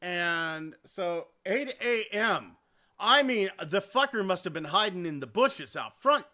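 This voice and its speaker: A man's voice: sits high, measured pace. A man hosting a podcast, telling a story in a casual, rambling way and swearing a lot. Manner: profane, animated, rambling. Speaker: podcast host.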